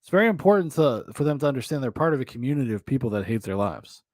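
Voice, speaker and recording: A man's voice: mid-range voice, sing-song, racing, darkish tone, dry recording, clean studio sound. A man hosting a podcast, mocking clips in casual, profane commentary with laughing asides. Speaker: podcast host. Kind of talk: casual commentary on videos and chat.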